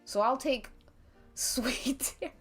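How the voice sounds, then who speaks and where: A woman's voice: high voice, slow, fairly bright tone, husky, faint music behind. A woman streamer telling an interactive story to her chat, giggling often and breaking off to laugh and restart.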